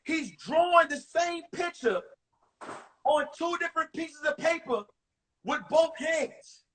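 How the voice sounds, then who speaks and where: A comedian from New York doing a one-man show, telling comic stories and acting out the characters in an animated way. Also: extremely high pitch, slow pace, far from the mic, a little hiss or hum, low-quality recording. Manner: animated, acts out every character.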